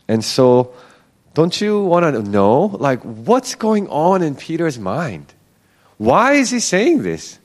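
A man with a fairly high voice leads a relaxed Bible teaching. His pitch rises and falls a great deal as he talks it through. He keeps it chatty and acts out the quoted lines. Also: measured pace.

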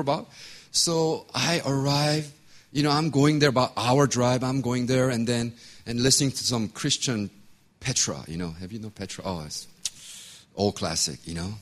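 Animated man telling a sermon story. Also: mid-range voice, normal speed. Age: 50s. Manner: animated storytelling, acts out voices, laughs often. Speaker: pastor.

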